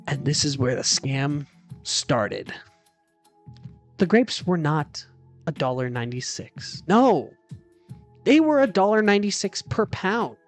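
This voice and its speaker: A woman streamer chats to her viewers from a hotel room in a slightly low voice. She talks slowly and dramatically, sounding fed up and cursing freely. Faint music plays softly behind her. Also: sing-song. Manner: exasperated, dramatic, swears a lot. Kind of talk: casual chat stream storytelling.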